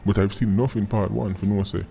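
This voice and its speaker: A man's voice: lowish voice, fairly even intonation, fast talker, vocal fry, mellow, soft background music. A man with a Jamaican accent giving casual, mocking commentary in patois, often tagging his lines with "right?". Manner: mocking, repeating tag words like "right?".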